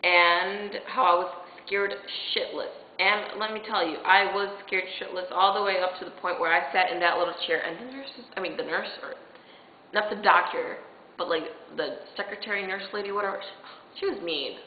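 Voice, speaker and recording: A woman's voice: mid-range voice, moderate pace. A girl of seventeen rambling through a personal story, retelling each exchange with "I'm like" and the odd swear word. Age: late teens. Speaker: vlogger. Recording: tinny echoey room recording, faint hiss.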